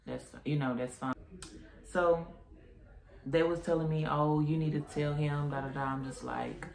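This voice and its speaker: A woman's voice: low voice, unhurried, creaky. Young woman telling a story in a roomy echo. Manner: animated retelling with quoted voices. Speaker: vlogger. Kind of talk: casual storytime.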